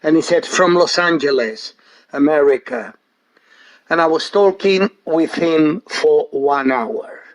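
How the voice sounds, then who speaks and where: Guy, middle-aged, talking slow in english, chatty voice message, lots of uhs. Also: high voice. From Spain. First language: Spanish. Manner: chatty storyteller with frequent hesitations. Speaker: guest speaker. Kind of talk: casual recorded voice message.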